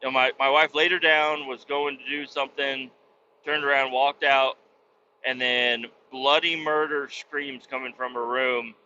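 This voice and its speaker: Blunt, profane truck-driving dad. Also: male voice, mid-range voice, steady tone, a little slow, pushed and bright, lo-fi sound, slight background noise. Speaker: podcast host. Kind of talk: casual rambling monologue.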